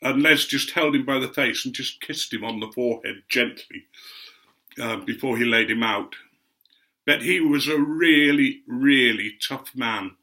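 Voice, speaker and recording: Older guy spinning a rambling yarn, crisp bright tone, average pitch. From Otley, Yorkshire, England. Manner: chatty and meandering, with gentle asides. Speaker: guest speaker recounting memories. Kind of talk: anecdotal storytelling.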